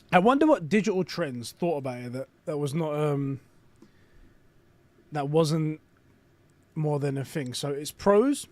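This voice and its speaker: A man hosting a casual live stream, reading aloud and reacting with excitement and frequent swearing. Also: fairly high pitch, a little slow, long pauses, no room sound.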